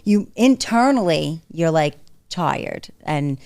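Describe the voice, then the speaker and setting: A woman in her forties with a very low, smooth and resonant voice, speaking as a podcast guest. She is frank and chatty and talks in quick bursts. Her voice sounds dry and close, with little room sound. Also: animated, a little mellow, no echo. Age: 40s. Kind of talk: candid casual conversation.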